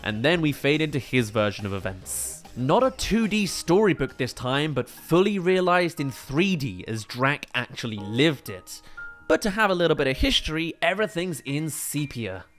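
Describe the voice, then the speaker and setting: A man reviews films in eager, detailed analysis, picking apart shots and lighting. His voice sits a little high, with faint music under his commentary. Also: sing-song, moderate pace, fairly bright tone. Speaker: film reviewer.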